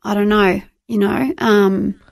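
An Australian woman in middle age recounts her testimony in a heartfelt, halting way, circling back and restarting as she speaks. Her voice carries a noticeable gravelly fry. The sound is dry and close to the mic. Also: medium pitch, little pitch movement, dry recording. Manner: earnest, emotional, halting with repeated restarts. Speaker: guest. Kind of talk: personal testimony in a faith interview.

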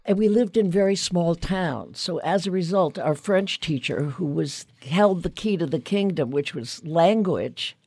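A woman author being interviewed in a radio studio, telling her stories briskly and eagerly. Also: lowish voice, dark tone, breathy edge, no echo. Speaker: author guest.

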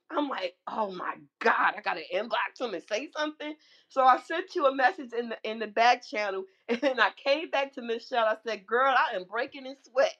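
A woman coach giving an emotional, excitable testimonial to a live audio room, her voice swinging high when she gets fired up. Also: muffled recording. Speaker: guest speaker, coach.

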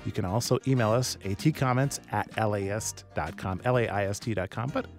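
A man hosting a call-in radio talk show, upbeat and energetic, repeating the phone number for listeners. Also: fairly low pitch, a little fast, faint music behind. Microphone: studio microphone.

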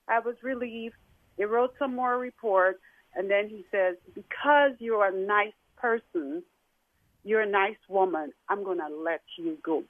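A woman's voice: mid-range voice, no room sound. A middle-aged woman recounts her story as a caller, her voice emotional and stopping and starting. The sound is narrow and tinny, carried down a phone line, and dry with no room around it. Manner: emotional, halting. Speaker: guest caller. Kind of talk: telling a personal story.

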